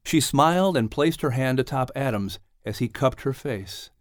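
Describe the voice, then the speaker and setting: A man reading an audiobook aloud in calm, measured scripted narration. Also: mid-range voice, no echo, studio quality.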